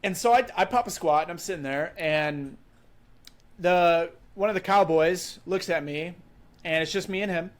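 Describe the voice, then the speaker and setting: A Wisconsin man in his twenties, appearing as a podcast guest, speaks in a high voice at normal speed. He tells a story casually and vividly, peppering it with "like" and "you know."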